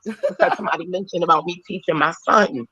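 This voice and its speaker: Woman, emphatic caller, emotional, near tears, animated, dry close sound. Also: lowish voice, fast talker, husky, no room sound, lo-fi sound. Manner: emphatic, animated, switches into character voices. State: tearful, emotional. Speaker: caller on a talk panel. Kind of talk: casual talk, preachy and emotional.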